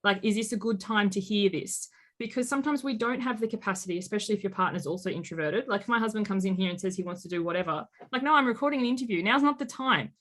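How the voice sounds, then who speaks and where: A woman in her late thirties speaks with an everyday mid-range pitch. As a life coach guesting on an interview, she tells her stories with animated flair and acts out the voices of the people in them. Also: fast talker, few pauses. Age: late 30s. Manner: animated storyteller, acts out quotes. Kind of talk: conversational interview.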